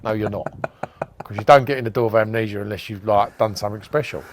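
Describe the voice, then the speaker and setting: A man's voice: lowish voice, brisk, slight background noise. Chatty man telling stories. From England. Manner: chatty storyteller, acts out dialogue, laughs often. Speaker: podcast guest, events promoter. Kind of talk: casual interview chat.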